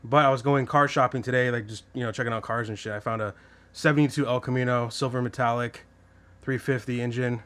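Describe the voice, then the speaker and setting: A man's voice: medium pitch, quick pace. Laid-back man hosting a podcast. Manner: relaxed storytelling with frequent profanity and fillers. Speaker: podcast host. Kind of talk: casual chat.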